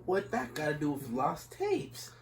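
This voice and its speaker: A young man co-hosting a casual podcast, giving brief, low-key replies. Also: wildly swooping pitch, unhurried, slight background noise. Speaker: podcast co-host. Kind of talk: casual chat.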